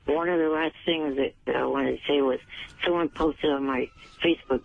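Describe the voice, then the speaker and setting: A man's voice: mid-range voice, steady tone, normal speed, creaky. A man calling in to a radio show, talking in a blunt, dismissive way. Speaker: phone guest. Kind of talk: casual radio call. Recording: dull lo-fi phone audio.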